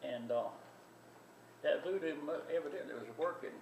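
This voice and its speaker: A man's voice: fairly high pitch, moderate pace, creaky. An older man telling a family story in a rambling, folksy way with many restarts. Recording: distant echoey recording with loud background noise.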